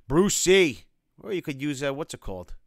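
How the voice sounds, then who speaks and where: A man hosts a casual livestream Q&A, calling out viewers' names and answering their questions. His pitch swings widely and he sounds animated. The recording is dry and close, with no room sound. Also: quick pace, vocal fry, dry recording. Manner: animated, reads chat names aloud, shout-outs. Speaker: livestream host. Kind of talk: casual livestream Q&A, reading chat.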